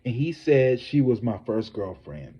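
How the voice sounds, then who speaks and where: Profane, animated male gossip streamer. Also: mid-range voice, measured pace, breathy edge. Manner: profane, animated, talks straight to viewers. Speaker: psychic tarot reader and gossip host. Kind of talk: casual celebrity gossip livestream.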